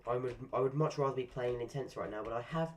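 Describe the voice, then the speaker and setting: A man's voice: medium pitch, fast, slight background noise. Stuffy-voiced man grumbling through a game. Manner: dry, grumbling, self-mocking. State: congested from a cold. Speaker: gaming streamer. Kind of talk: casual gameplay commentary.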